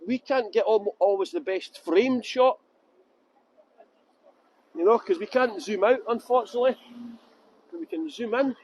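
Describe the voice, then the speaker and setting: This man's voice is very high and a little mellow, with an Edinburgh accent from Scotland. He leads a live-streamed walking tour through city streets, chatting into a handheld phone in a jokey, self-mocking way. The recording quality is low.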